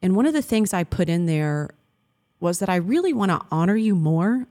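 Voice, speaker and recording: A woman's voice: fairly low pitch, lively intonation, moderate pace, a little mellow. A woman in her thirties co-hosting a Christian marriage talk, speaking earnestly and affectionately and quoting scripture. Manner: earnest and affectionate, laughs often, quotes scripture. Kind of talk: heartfelt faith-based chat.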